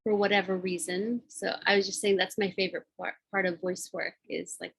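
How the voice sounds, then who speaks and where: A woman's voice: medium pitch, little pitch movement, brisk, creaky, slightly rough. A woman, a musician and voice coach, talking as a podcast guest in a loose, reflective way full of "like" and "you know". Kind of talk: casual conversation.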